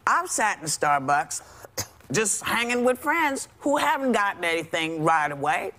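A woman panelist on a daytime talk show, speaking in an animated, conversational way. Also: mid-range voice, unhurried.

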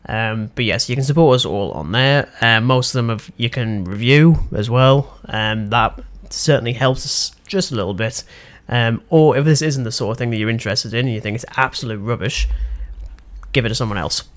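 Chatty British podcast host. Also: male voice, medium pitch, normal speed. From Britain. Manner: chatty, rambling, frequent ums and laughs. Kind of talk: casual podcast chat.

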